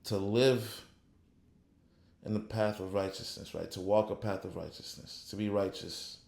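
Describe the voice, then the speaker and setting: A man's voice: lowish voice, fairly even intonation, gravelly, a little mellow. A man giving a casual motivational talk on faith, punctuating nearly every phrase with "right?", reflective and then fervent. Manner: unhurried and reflective, growing fervent when preaching. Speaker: motivational speaker. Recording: echoey room.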